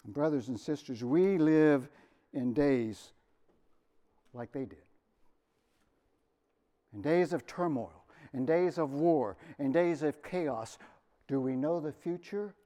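A middle-aged pastor preaching a sermon, telling personal stories with dramatic swings from quiet to loud. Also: male voice, on the high side, expressive, slow, long pauses. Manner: earnest, storytelling with dramatic swings in loudness.

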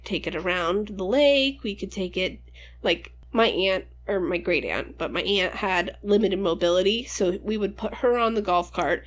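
A woman in her twenties telling rambling, profane childhood stories in casual podcast chat. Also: lowish voice. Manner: rambling, profane, laughing storyteller. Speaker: podcast co-host.

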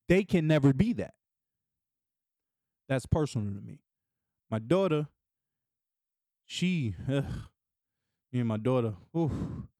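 Middle-aged guy hosting his podcast solo, bouncy pitch all over the place, laughs a lot, dead dry close mic. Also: no echo. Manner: animated, laughing, swings between low murmurs and excited high bursts. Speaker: podcast host. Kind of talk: casual solo podcast talk.

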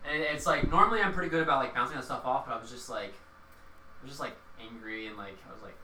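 Bright-voiced young man telling a work story. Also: medium pitch, fast talker, a little hiss or hum. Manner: rambling, lots of fillers and quoted dialogue. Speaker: restaurant server. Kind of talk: casual storytelling chat. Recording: echoey room, mic at a distance.

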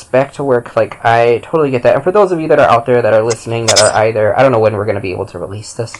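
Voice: medium pitch, poor audio. A young adult co-hosting a podcast in an easygoing, reassuring way. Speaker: podcast co-host. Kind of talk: casual podcast chat.

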